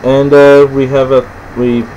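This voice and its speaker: An Australian man explaining things casually and unscripted, halting and rambling with many restarts and fillers. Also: medium pitch, little pitch movement, warm tone, slight background noise, poor audio. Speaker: presenter explaining slang.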